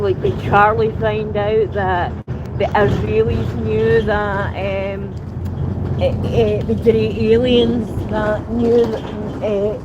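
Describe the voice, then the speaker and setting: A woman's voice: medium pitch, dull audio. A Scottish woman livestreaming while she walks about the street and shops, chatting in a rambling, meandering way. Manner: rambling, chatty, trails off mid-sentence. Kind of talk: casual live stream chat. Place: outdoors on the street and in shops, walking. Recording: street noise with passing traffic.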